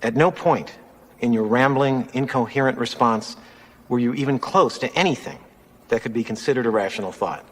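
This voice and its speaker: A man's voice: medium pitch, normal speed, long reverb tail, lightly acted. An actor playing a stern male official who coldly and formally tears apart someone's answer, heard in a played film clip. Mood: scornful. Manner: cold, cutting, formal. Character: stern male official delivering a scathing verdict.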